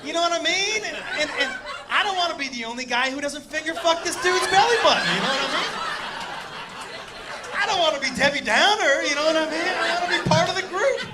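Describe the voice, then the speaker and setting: A man telling a wild story in a stand-up set, animated and shouting punchlines while voicing the people in it. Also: very high-pitched, fast talker. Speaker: stand-up comedian. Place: comedy club stage before a laughing audience. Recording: live club recording with crowd noise.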